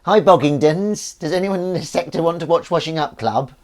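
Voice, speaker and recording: A man putting on a squeaky cat voice. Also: fairly quick, lightly acted. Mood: excited. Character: squeaky high-pitched pet cat voice.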